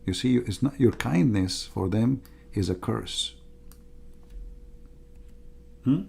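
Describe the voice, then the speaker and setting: A man's voice: fairly low pitch, animated, takes it slowly, creaky, a little mellow, breathy edge. A middle-aged man giving an emphatic, repetitive livestream monologue as a religious debater, in non-native grammar.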